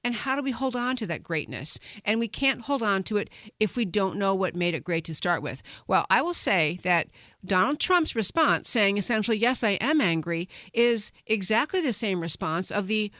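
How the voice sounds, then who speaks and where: A woman's voice: medium pitch, sing-song, normal speed, fairly bright tone, dry recording, studio quality. An American woman hosting a political talk show, delivering an emphatic, indignant commentary monologue that repeats points for emphasis. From United States.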